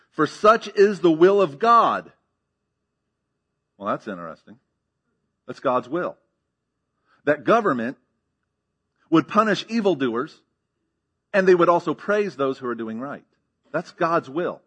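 A man's voice: mid-range voice, lively intonation, normal speed, long pauses, fairly bright tone, breathy edge. A man preaching a sermon as pastor, teaching emphatically with rhetorical questions and frequent checks of "okay?".

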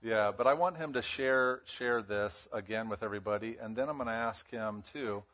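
A man's voice: fairly low pitch, moderate pace, fairly bright tone. A man leading a church service, affirming the congregation with short church exclamations and calling people forward.

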